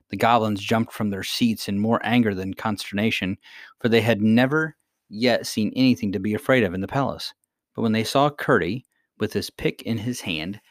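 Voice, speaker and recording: A man narrating a storybook aloud in a steady, even read. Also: lowish voice, dry recording, clean studio sound. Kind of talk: storybook reading.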